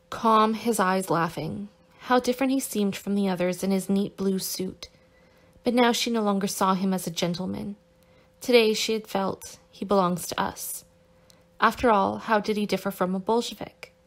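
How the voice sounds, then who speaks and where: Steady woman reading a novel aloud. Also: mid-range voice. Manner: steady, careful reading with occasional small self-corrections. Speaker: audiobook narrator. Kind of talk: scripted novel narration.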